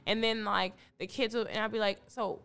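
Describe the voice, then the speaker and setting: A woman's voice: medium pitch, flat delivery, brisk, fairly bright tone. A young adult woman from Detroit, a podcast guest in casual chat, telling stories animatedly and acting out her own past remarks. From Detroit, Michigan.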